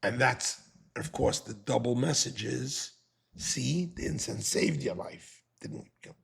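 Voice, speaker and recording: A man's voice: medium pitch, slow pace, gravelly, slightly rough. A man, a rabbi teaching a Torah class, animatedly dramatizing the text.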